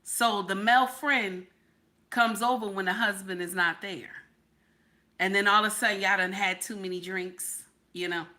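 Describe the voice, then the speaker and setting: A woman's voice: mid-range voice, fairly even intonation, moderate pace, sharp tone. A woman hosting a live stream, preaching and sassy, repeating herself for emphasis. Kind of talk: casual live-stream commentary.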